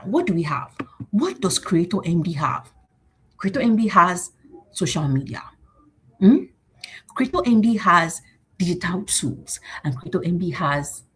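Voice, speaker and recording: A woman hosting a motivational livestream, rallying her audience with repeated phrases and acting out short exchanges. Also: slightly rough. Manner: animated, repetitive and rallying, acting out exchanges in higher voices. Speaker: host.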